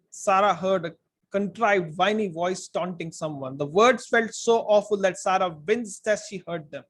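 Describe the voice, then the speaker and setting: A man reading a storybook aloud in an expressive way, now and then speaking to his listeners. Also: high voice, moderate pace. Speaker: book reader. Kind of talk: audiobook-style story reading.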